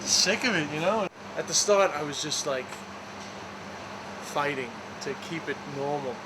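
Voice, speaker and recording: A man's voice: fairly high pitch, unhurried, very noisy. A man chatting casually and candidly for a documentary, joking at times. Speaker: documentary participant. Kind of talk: casual chat.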